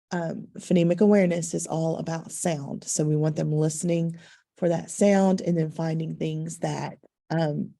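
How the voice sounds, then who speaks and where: Low gravelly lady teacher, patient, walking parents through it with lots of ums. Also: mellow. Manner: patient and instructive, with frequent ums. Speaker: second-grade teacher. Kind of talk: explaining to parents.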